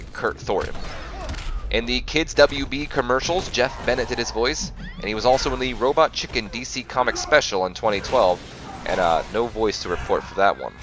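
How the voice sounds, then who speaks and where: A man's voice: mid-range voice, fairly bright tone, a little hiss or hum. A man hosting a game playthrough, reading facts aloud and often stumbling and correcting himself. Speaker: gaming channel host.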